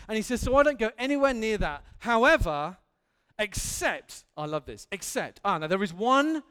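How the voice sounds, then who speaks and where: A man's voice: sits high, a bit bright, clean tone. A man preaching an earnest, candid sermon in a church hall, building to emphatic intensity.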